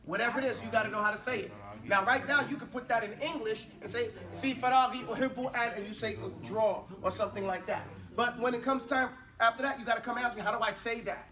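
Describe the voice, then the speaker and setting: High-voiced male teacher, far from mic. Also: fairly even intonation, quick pace, hardly any pauses, crowd noise. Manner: casual, mixes English and Arabic drills. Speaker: Arabic teacher. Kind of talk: classroom teaching. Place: classroom.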